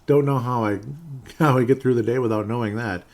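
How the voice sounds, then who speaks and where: A man putting on the voice of a sarcastic, grumpy male talk-radio ranter, mocking and loud. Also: mid-range voice, fairly quick, lightly acted.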